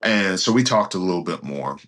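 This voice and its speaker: A man, a pastor and guest, telling a story in conversation in an earnest, animated way and acting out what others said. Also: deep voice, fairly quick. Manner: animated, acts out others' speech while retelling; earnest, some restarts.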